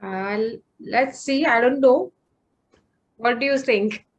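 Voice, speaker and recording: A woman's voice: a little high, slow, slightly rough. A woman hosting an online session, friendly and thanking participants by name. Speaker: session host. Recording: dull lo-fi call audio.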